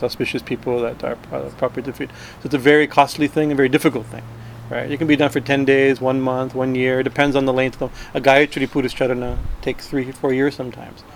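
Guy teaching a scripture class, mid-pitched, keeps saying right?, bit of traffic noise behind. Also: rough recording. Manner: rambling, frequent "right?" tags and restarts. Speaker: spiritual teacher.

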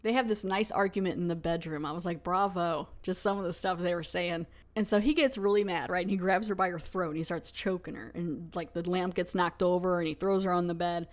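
A woman's voice: on the low side, brisk, hardly any pauses, soft background music. A woman hosting a podcast, recapping a TV episode in a chatty, casual way full of fillers. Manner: chatty, lots of "like". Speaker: podcast host.

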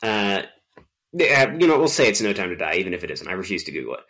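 A man co-hosting a podcast, telling stories in a rambling, animated way with lots of fillers. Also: low-pitched, fast talker. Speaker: podcast co-host. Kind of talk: casual chat.

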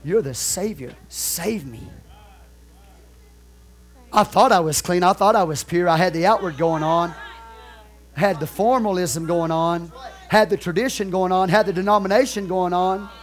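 High-voiced fervent male preacher. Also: fairly even intonation, normal speed. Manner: fervent, emphatic preaching with repeated phrases. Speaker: pastor. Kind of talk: sermon.

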